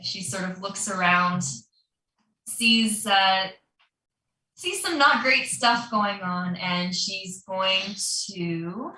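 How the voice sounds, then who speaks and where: A woman's voice: medium pitch, animated, very slow, bright, forceful tone, roomy sound, far from the mic, rough recording. A woman running a tabletop game as dungeon master, narrating the action loosely with plenty of fillers.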